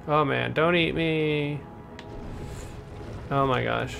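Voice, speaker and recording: Excitable man with a gravelly, bright voice. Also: on the high side, slow, long pauses, faint music behind. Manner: chatty, excitable, talks to game characters. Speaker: gameplay commentator. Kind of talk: let's-play gameplay commentary.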